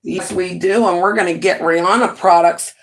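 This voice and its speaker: A woman in her forties chatting live to her viewers from home, animated and quick to laugh. Her voice sits a little low for a woman, and she shifts between easy rambling and playful asides to the chat. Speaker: livestream host. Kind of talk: casual livestream chat.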